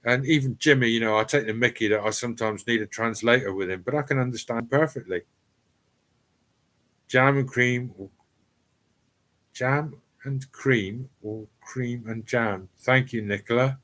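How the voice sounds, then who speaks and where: A man's voice: mid-range voice, a little fast, fairly bright tone. A middle-aged man with an East Cornish accent, hosting a casual live stream from his cellar and chatting to viewers with frequent ums and restarts. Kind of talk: casual live chat reading viewer comments. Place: home cellar.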